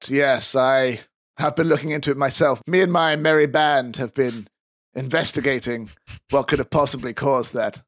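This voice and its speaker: A man's voice: mid-range voice, fairly even intonation, moderate pace, a bit bright, no room sound, clean studio sound, lightly acted. A man voicing a secretive, dramatic male mousefolk informant in a tabletop game, talking in a theatrical, conspiratorial way.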